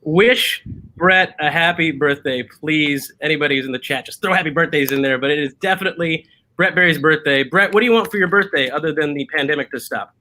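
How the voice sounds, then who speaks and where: A man hosts a laid-back online drinking show from a video call, upbeat and chatty, with plenty of "uh"s. His voice is bright and sits a touch high. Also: a little fast. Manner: upbeat, chatty, many fillers. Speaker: show host.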